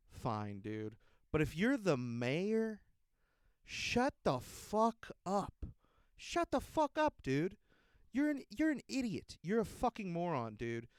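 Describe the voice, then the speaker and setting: Fired-up podcast host, crisp and dry. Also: male voice, fairly high pitch, no room sound. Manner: profane, heated and exasperated. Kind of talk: casual ranting monologue.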